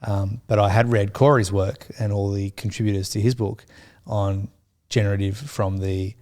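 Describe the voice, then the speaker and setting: A middle-aged man co-hosting a church podcast, thinking aloud in a slow, hesitant way with many fillers. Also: lowish voice, little pitch movement, a little mellow. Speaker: podcast co-host. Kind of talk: reflective podcast chat.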